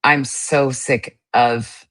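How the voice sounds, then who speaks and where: A woman's voice: very deep voice, fairly even intonation, extremely slow, fairly bright tone. A woman hosting a commentary show, reacting to clips in a blunt, irritated way and swearing casually. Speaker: commentary host.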